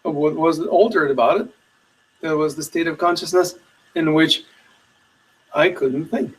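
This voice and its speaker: A man teaching meditation in a webinar, giving slow, soothing guided instructions with long pauses. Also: on the high side, recorded from a distance, poor audio.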